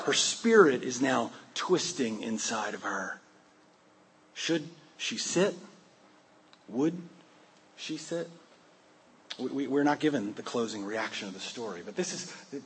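A man's voice: mid-range voice, a bit bright, a little hiss or hum. A male pastor preaching a sermon, retelling a Bible scene vividly and often restarting his words. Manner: vivid storytelling with frequent restarts. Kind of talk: sermon with dramatic storytelling.

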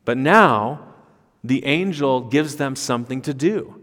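Man, pastor, sermon, emphatic, rhetorical questions, mid-pitched voice, long church-hall reverb. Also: expressive, takes it slowly, a bit bright. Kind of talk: expository sermon.

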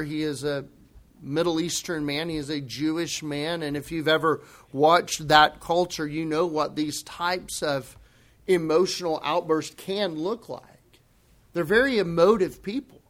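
Male pastor preaching a Sunday sermon; high-pitched, slow and deliberate, building from hushed lines into bold emphatic peaks. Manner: emphatic, swings between quiet and loud bursts.

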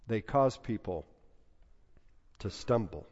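A male pastor preaches slowly and deliberately, leaning on repeated phrases for emphasis. His voice rings out in a large reverberant hall. The recording sounds muffled and lo-fi. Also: medium pitch, animated, a little mellow. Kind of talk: sermon.

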